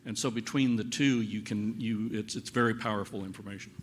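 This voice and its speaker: A man's voice: lowish voice, fairly even intonation, fairly quick, slight background noise. A man on a panel giving a plain, patient explanation of forensic science at a public briefing.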